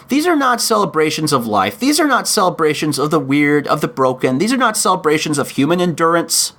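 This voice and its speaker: A man hosting his own podcast, delivering an emotional, pleading opinion monologue with frequent halting restarts. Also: sits high, fairly bright tone. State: in chronic pain. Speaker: podcast host.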